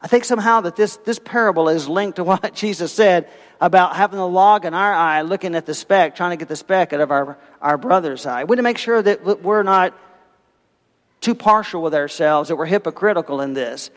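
A man preaching a sermon, telling a parable with lively, animated storytelling and acting out the voices of its characters. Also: high-pitched, fairly quick, in a large hall. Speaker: pastor.

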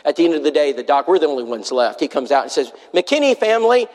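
A man's voice: medium pitch, racing, a little mellow. A man preaching a sermon, telling a story in an earnest way and acting out the other people's lines. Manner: earnest, acts out quoted voices. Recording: long hall reverb.

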